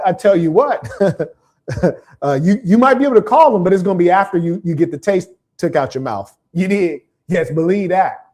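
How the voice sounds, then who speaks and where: A man with a fairly high, warm voice hosts a livestream, reading out viewer comments and delivering a preachy, combative monologue full of emphatic repetition.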